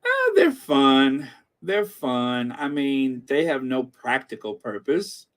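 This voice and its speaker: Slow, chatty middle-aged man. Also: medium pitch, wildly swooping pitch, a bit bright. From American Midwest. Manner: chatty, laughs often, reads comments aloud with frequent fillers. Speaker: host reading live chat. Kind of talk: casual livestream chat.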